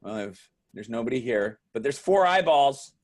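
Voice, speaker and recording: A man hosting a casual live video chat, excitable and chatty with many fillers, speaking over a video call. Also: medium pitch, normal speed. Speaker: livestream host.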